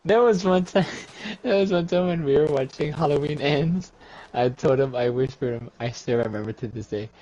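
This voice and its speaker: A man's voice: fairly high pitch, normal speed, a little mellow. A man in casual chat, telling a profane story between bursts of laughter. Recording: dull, muffled lo-fi audio.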